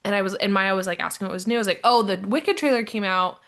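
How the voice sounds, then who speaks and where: A young woman chats with a co-host and tells a lively story, acting out her friend's lines in bursts. Her voice sits at an average pitch. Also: fast. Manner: animated storyteller, acts out quoted friends. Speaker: podcast co-host. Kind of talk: casual chat.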